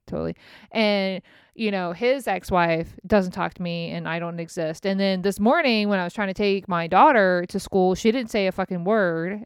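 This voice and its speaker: A woman's voice: medium pitch, moderate pace, smooth, no room sound, studio quality. Profane, rambling woman venting candidly. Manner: profane, frank and self-mocking; rambling, laughing through her words. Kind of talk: candid personal rant.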